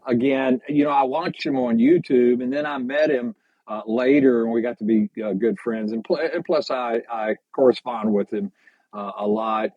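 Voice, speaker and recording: An older man, a podcast guest, telling hiking stories in a halting, unhurried way during a casual interview. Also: medium pitch, fairly even intonation, dry recording. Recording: slightly dull lo-fi sound.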